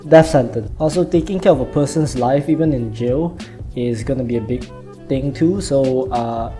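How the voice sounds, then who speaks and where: Young man, casual vlog host, rambling and animated, mellow dark voice, faint music behind. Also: mid-range voice. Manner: animated, rambling, repeats words. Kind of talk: casual explanatory vlog talk.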